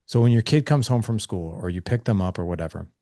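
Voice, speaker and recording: Energetic low-voiced man giving advice. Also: fast talker, no room sound, clean studio sound. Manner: energetic, acts out kid and dad dialogue. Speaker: guest on a parenting show. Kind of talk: animated conversational advice.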